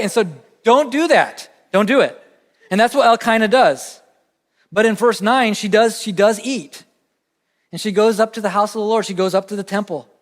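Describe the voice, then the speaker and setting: A man's voice: high-pitched, moderate pace. A man with a Southern American accent preaching a sermon as pastor, conversational and earnest, leaning on emphatic repetition. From Southern United States. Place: church sanctuary. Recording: long church reverb.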